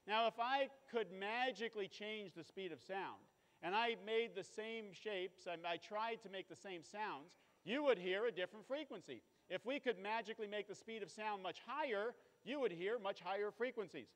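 A man with a high, light voice explains things to a live audience in a relaxed, playful way. His voice rings out in an echoey hall with a long reverb tail. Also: moderate pace. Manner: casual explanatory, playful asides. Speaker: physics show presenter. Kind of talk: live science demonstration talk.

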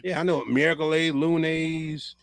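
A man co-hosting a podcast, joking loudly with quick profane asides. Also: fairly high pitch, level tone, vocal fry. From Chicago. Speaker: podcast co-host. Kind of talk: casual banter.

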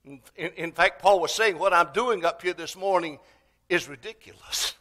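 A man's voice: high-pitched, normal speed, sharp tone. A man preaching an Easter sermon, with dramatic swells and phrases half sung and stretched out. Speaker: pastor. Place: church sanctuary.

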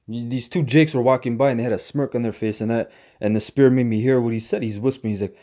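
A man's voice: medium pitch, dark tone. A man preaching to camera as a street preacher, in a profane, combative rant that stumbles into repeats and ends phrases with "man". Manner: halting repetitions and stammered restarts.

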